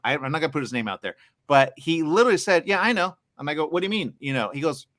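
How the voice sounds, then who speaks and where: A man hosting a live interview, rambling and excitable, acting out the conversations he has had. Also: on the high side, fast, dry recording, clean studio sound. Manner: rambling, excitable, acts out quoted exchanges.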